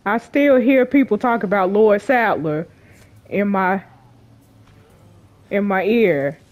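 Her voice is mid-range with a darkish tone, and she takes things slowly while commentating on a game for YouTube. Chatty and slangy with viewers, she's jumpy, laughing nervously and shrieking as she goes.

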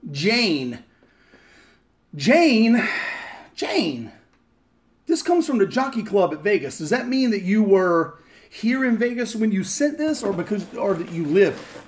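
A man chatting casually and profanely on a live stream, joking and rambling as he opens fan mail at home. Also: high voice. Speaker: vlogger opening fan mail. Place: home in Las Vegas.

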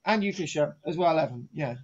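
A man's voice: on the high side, animated, quick pace, darkish tone. A middle-aged man giving a rambling, jokey archaeology lesson on a live stream, teasing his co-host and restarting his sentences. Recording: dull lo-fi home stream audio.

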